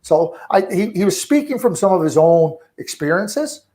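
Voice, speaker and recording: A middle-aged man with a slightly raised pitch talks hockey as an interview guest. He rambles, stumbles over repeated words, and perks up when he acts out quotes. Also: moderate pace. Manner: talkative, repeats words and restarts, animated when quoting. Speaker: hockey scouting director, guest. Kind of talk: conversational radio interview.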